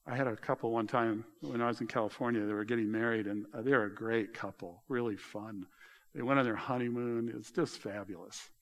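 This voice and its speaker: A middle-aged male pastor preaching a sermon, telling stories in an animated way and raising his voice high when he retells dialogue. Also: fairly quick. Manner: animated storytelling, voice rising high in retold dialogue.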